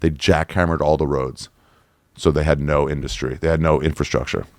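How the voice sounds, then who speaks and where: A middle-aged man with a very low voice, chatting loosely as a podcast guest. He spins travel stories, drops in curse words and acts out what others said to him. The sound is close and dry, with no room around it. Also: a little fast, no room sound. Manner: animated storyteller who swears and acts out other people's lines. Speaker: podcast guest, touring comedian. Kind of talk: casual chat, storytelling.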